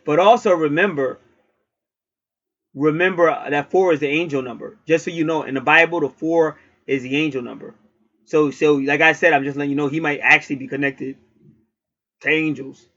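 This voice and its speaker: A man's voice: a little high, steady tone, moderate pace, fairly bright tone. A man giving a casual astrology reading in a blunt, preachy way, cursing freely. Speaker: astrologer and card reader. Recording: dull lo-fi recording.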